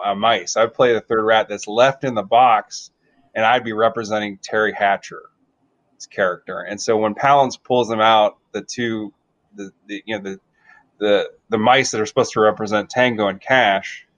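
A man's voice: lowish voice, fairly bright tone, dry recording, dull audio. A man co-hosting a casual podcast, jokey and self-deprecating as he riffs on movies. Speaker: podcast co-host. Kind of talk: casual movie-riffing chat.

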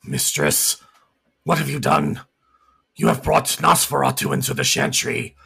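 A man voicing a frantic male gargoyle servant who begs loudly and speaks of himself in the third person. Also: mid-range voice, big pitch swings, unhurried, gravelly, husky, full character voice. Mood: pleading.

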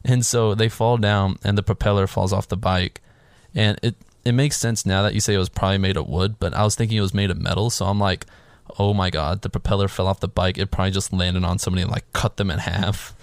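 Casual male co-host, lowish pitch, dry close sound, animated and profane storyteller. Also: fast, no echo. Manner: animated storytelling, swears freely, acts out his own reactions. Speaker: podcast co-host recapping a film. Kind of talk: casual chat.

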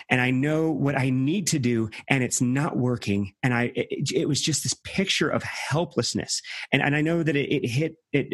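Halting, earnest man with a husky voice. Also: medium pitch, dry recording, studio quality. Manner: halting, many restarts, earnest. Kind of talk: reflective conversation.

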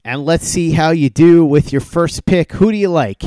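Smooth-voiced male podcast host. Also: fairly high pitch, warm tone. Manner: brisk, promotional, upbeat. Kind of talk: podcast hosting with sponsor reads.

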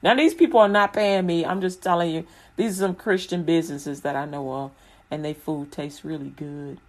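A woman's voice: sits low, fairly even intonation, moderate pace, darkish tone. Rambling, laughing woman from Chicago. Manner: rambling, colloquial, laughs often. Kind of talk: casual faith chat.

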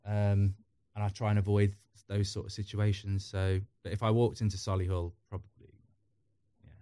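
A man's voice: lowish voice, little pitch movement, normal speed, warm tone, clear, resonant tone, no room sound. A middle-aged man chatting candidly as a podcast guest, rambling through personal stories. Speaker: podcast guest, football YouTuber. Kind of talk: casual chat.

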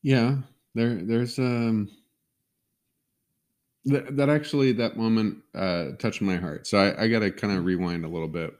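A middle-aged man with a deep, low voice talks casually on a podcast. He tells stories in an easygoing way and laughs along as he goes. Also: steady tone, unhurried, darkish tone. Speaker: podcast co-host. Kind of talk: casual chat.

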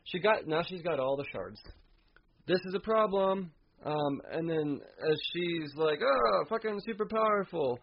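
Casual, cussing comic reviewer, a husky man on a muffled lo-fi mic. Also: on the high side, expressive, a little slow. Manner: casual, profane, chuckling. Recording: dull lo-fi recording.

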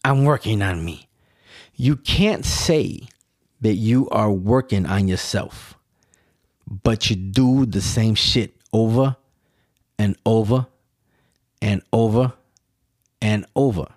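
A man talks to himself on his own podcast in a loose, meandering monologue, full of profanity and questions he answers himself. His voice sits on the low side, and the recording is dry and close. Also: takes it slowly, long pauses, a little mellow, no room sound. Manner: rambling, profane, rhetorical questions. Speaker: podcast host. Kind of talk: casual solo monologue.

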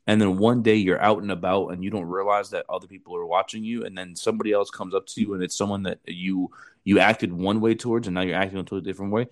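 A man in his thirties hosts a podcast and tells stories from his recruiting days. His low voice stays casual, blunt and full of swearing. He throws "bro" into nearly every line. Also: steady tone, fast talker. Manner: blunt, profane, says bro a lot. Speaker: podcast host, former Marine recruiter. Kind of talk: casual storytelling chat.

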